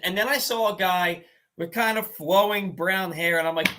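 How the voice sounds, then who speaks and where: A man hosting a casual sports talk show, telling a game story in an animated, exasperated way with quick restarts. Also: high voice, noisy background.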